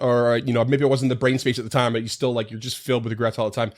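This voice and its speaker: A man's voice: mid-range voice, level tone, rapid-fire, few pauses. Laughing, rambling man as game master. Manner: laughs often, rambling and reflective. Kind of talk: casual podcast chat.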